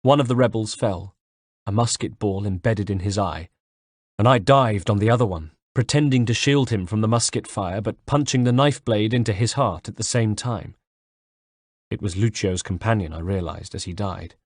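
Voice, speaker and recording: Low-voiced man narrating an audiobook. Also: normal speed, no room sound, clean studio sound. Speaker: audiobook reader. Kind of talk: first-person audiobook narration.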